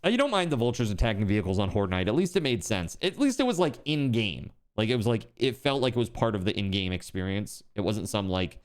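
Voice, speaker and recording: Male streamer, excitable, with a clear, resonant voice that swings widely in pitch; yelps and laughs while playing. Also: fast, few pauses. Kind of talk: live gaming stream chat.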